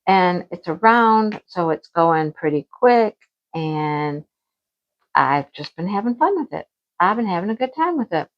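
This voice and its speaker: A woman chatting casually at home as a crafting vlogger, animated and talkative, acting out her own past remarks. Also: on the low side, measured pace, highs cut off. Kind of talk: casual chat about crafts and home life.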